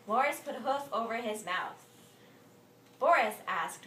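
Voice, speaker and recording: A woman reading a children's picture book aloud to a child, with animated storytelling. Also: on the high side, measured pace, long pauses, slight background noise. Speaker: reader to a child. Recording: echoey room from far off.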